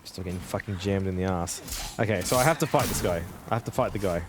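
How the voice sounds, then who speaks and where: A man live-streaming a video game, chatting with viewers, excitable, laughing and swearing often. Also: sits low, quick pace, music in the background.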